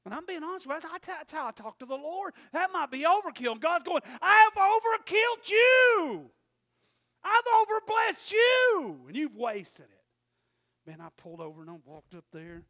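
A man preaching a sermon and telling a personal story, swinging from loud emphatic preaching to quiet storytelling. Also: extremely high pitch, lively intonation, fairly quick.

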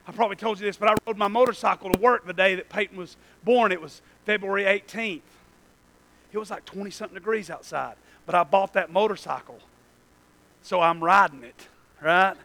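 A male pastor preaches to his congregation in a church. His voice sits very high and sounds bright and forceful. He tells stories, falling to near-whispers and climbing to shouts. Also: fairly quick, creaky, rough recording. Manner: storytelling, swings from hushed to shouting. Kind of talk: sermon with personal storytelling.

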